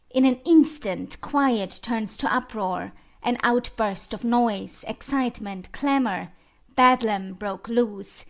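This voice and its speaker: Slow, gravelly-voiced woman narrator. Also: on the high side. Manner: slow, expressive recitation with dramatic rises. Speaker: audiobook narrator. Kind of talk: audiobook reading of literary passages.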